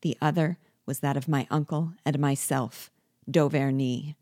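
A woman reading a novel aloud in a measured, deliberate manner. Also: deep voice, steady tone, mellow, dry recording, clean studio sound. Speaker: book reader.

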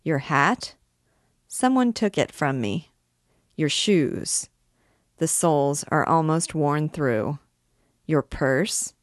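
A woman's voice: deep voice, expressive, slow, pauses often, no room sound, clean studio sound. A woman voicing a faltering, penniless poet. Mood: forlorn. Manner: faltering, pleading. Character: downtrodden penniless young male poet.

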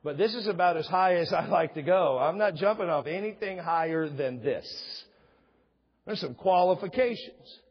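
A middle-aged man preaches as pastor in a church sanctuary, speaking at normal speed with lively intonation and a breathy edge. He keeps it conversational and acts out small dialogues, his pitch rising. The sound is dull and carries long hall reverb.

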